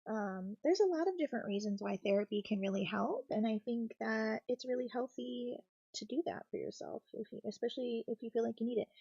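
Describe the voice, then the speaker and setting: Soft-spoken woman with a gravelly edge. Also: fairly high pitch, no room sound, muffled recording. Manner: soft-spoken, reassuring, gentle. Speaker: craft streamer. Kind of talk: cozy casual chat while building.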